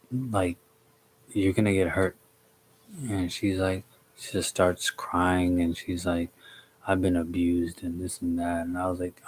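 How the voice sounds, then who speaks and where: A young, low-pitched man from the DC, Maryland and Virginia area tells a story on a live stream. He's relaxed and slangy and greets viewers by name as he goes.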